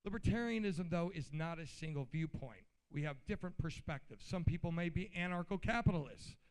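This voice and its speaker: At a convention hall podium, a man with a high, light voice gives an informal political speech, blunt and worked up. His talk is loose and colloquial, swinging between plain explanation and heated outbursts, with lively intonation, a slightly quick pace, and a smooth sound.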